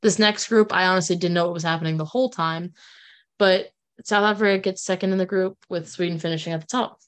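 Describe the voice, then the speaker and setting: A woman's voice: lowish voice, fairly even intonation, fast, clean tone. Chatty woman discussing soccer. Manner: chatty, laughing, many fillers and restarts. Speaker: podcast co-host. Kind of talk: casual sports chat.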